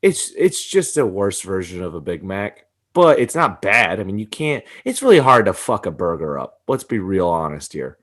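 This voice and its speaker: A man's voice: low voice, sing-song, moderate pace, hardly any pauses. A young man co-hosting a podcast in casual chat, ranting animatedly and swearing often, with frequent laughter. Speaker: podcast co-host.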